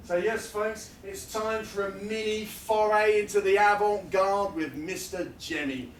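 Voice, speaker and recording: A middle-aged man doing live comic performance poetry on a fringe festival stage, with a wry, emphatic delivery, a drawn-out refrain and chatty asides to the audience. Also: high-pitched, steady tone, slight background noise. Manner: chatty asides and banter with the audience between lines. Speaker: performance poet. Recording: roomy, distant, faint ambience.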